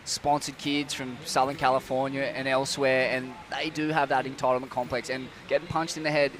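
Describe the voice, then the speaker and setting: Laid-back bloke rambling. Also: male voice, medium pitch, flat delivery, brisk, a bit bright, slight background noise. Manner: laid-back, rambling, many fillers and restarts, says mate. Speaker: surf commentator. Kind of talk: casual chat. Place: outdoors at a beach event.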